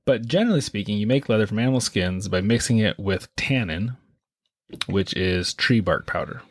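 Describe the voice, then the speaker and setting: A man's voice: fairly low pitch, moderate pace, dry recording, studio quality. A man co-hosting a podcast in casual, joking chat, laughing at his own stories. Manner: relaxed, joking, laughs at himself. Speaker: podcast co-host.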